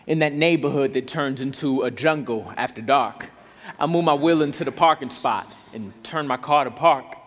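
A male guest poet performing spoken word poetry with a rhythmic, rhymed delivery. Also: medium pitch. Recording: long hall reverb.

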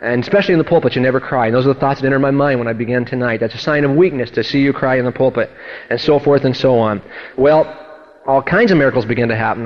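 A pastor telling a testimony from the pulpit, acting out the people in his story with lively storytelling. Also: mid-range voice, highs cut off. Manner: animated storytelling, acting out quoted voices. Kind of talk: sermon testimony.

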